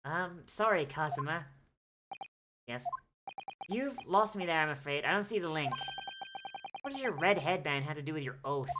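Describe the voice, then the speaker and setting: Low-voiced joking woman game streamer. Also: expressive, normal speed, background noise. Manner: joking, swearing, voices lines playfully. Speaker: VTuber streamer. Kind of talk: casual game stream, reading game dialogue aloud. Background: game music.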